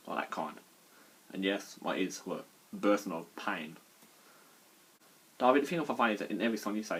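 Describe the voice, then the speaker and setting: A man's voice: on the low side, animated, fairly quick, long pauses, a bit bright, a little hiss or hum. A man reviewing songs in casual chat, crude and mocking, swearing freely. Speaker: album reviewer.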